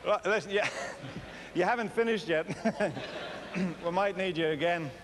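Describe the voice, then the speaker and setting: Speaking at a measured pace in a high-pitched voice, this Irish comedian and snooker trick-shot entertainer keeps up chatty, self-mocking banter with the audience between shots. It's a live stage show, and the 1990s video recording is noisy.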